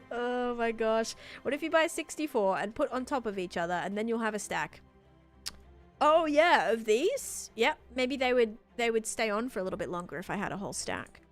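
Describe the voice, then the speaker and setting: Woman, live streamer, chatty, playful, thanks viewers, bright higher voice, lively pitch. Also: moderate pace. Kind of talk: casual live-stream chat while playing. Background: faint background music.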